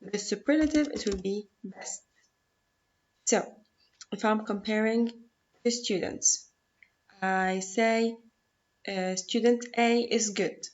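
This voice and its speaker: A woman's voice: medium pitch, slow, long pauses, dull audio. A woman whose first language is Arabic, teaching an English grammar lesson patiently, repeating rules and checking in with "okay?".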